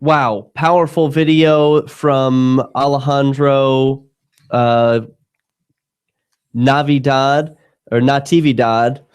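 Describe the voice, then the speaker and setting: Man, radio host, mid pitch, conversational, introducing guests. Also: flat delivery, takes it slowly, smooth. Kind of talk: talk radio hosting.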